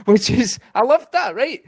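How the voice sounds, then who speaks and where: A Scottish man co-hosting a podcast, telling stories fast in a casual, animated way. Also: extremely high pitch, no echo. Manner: animated storyteller, fast talker. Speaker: podcast co-host. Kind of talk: casual chat.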